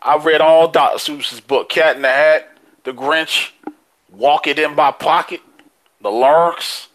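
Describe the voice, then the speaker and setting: A man co-hosting a casual podcast chat, excitable and quick to laugh, swearing freely as he rants. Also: fairly high pitch, low-quality recording. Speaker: podcast co-host.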